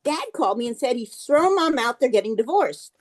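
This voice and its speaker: A woman's voice: on the high side, very animated, brisk, voice pushed up. A woman voicing an upset grown daughter in a joke, talking in alarm.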